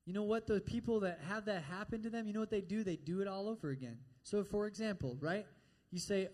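High-voiced conversational preacher. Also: male voice, fast talker, darkish tone. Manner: direct, conversational, checks in with "all right?". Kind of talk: sermon.

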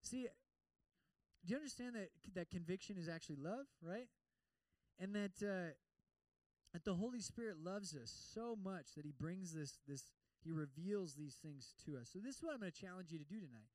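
A man preaching a sermon in an animated way, repeating words as he goes and acting out prayers. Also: high voice, fairly quick, no room sound, distant mic, rough recording. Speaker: pastor.

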